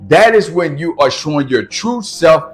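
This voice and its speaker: A man's voice: fairly high pitch, animated, moderate pace, soft background music. A man coaching storytelling in casual talk to camera, speaking plainly in an urban American street dialect.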